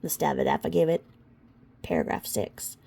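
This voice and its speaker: A woman's voice: sits low, animated, moderate pace, creaky, dark tone, slightly rough. A woman commentator reading court filings aloud in a casual way, with sarcastic, mocking asides and sudden outbursts.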